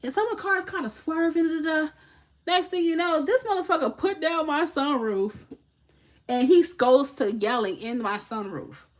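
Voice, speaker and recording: Brief: young woman, Haitian background, fairly high voice, animated and profane live-stream storyteller. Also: normal speed. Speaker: tarot reader hosting a live stream.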